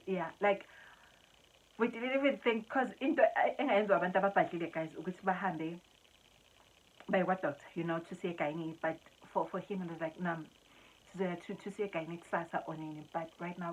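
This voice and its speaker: A woman's voice: on the low side, slight background noise, low-quality recording. A young South African woman vlogger tells a story casually and with animation, switching between English and Zulu and Xhosa and laughing often.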